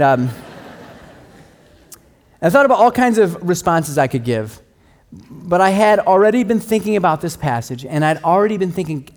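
Conversational, self-deprecating middle-aged pastor. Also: male voice, fairly high pitch. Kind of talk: sermon.

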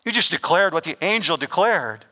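Emphatic preacher in a ringing hall. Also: male voice, a little high, expressive, bright, forceful tone. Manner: emphatic preaching with dramatic pauses and swings in volume. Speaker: pastor. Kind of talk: sermon. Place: church sanctuary. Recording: long reverb of a large hall.

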